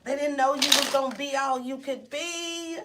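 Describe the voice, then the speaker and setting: A woman's voice: high voice, steady tone, normal speed, heavy background noise. A woman giving a casual tarot reading to camera, playful and brash, swearing and acting out reactions. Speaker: tarot reader.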